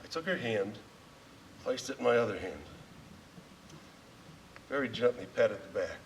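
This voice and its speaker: A man's voice: mid-range voice, lively intonation, measured pace, a little hiss or hum. A man performing a heartfelt personal monologue on a theater stage, telling his story with frequent chuckles. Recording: distant stage recording, faint ambience.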